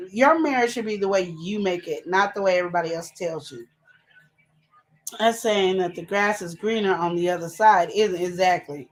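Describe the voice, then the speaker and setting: A woman co-hosting a live relationship advice show, chatting casually and fast, full of energy. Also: medium pitch. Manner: chatty, animated, talks fast and laughs.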